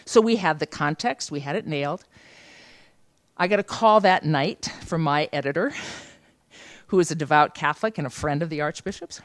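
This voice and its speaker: A woman leading a journalism seminar, telling a lively anecdote and acting out the voices of the people in it. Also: low voice, moderate pace, pauses often, no echo, studio quality. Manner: lively anecdotal, acts out quoted dialogue. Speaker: journalism trainer. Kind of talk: storytelling seminar talk. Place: seminar room.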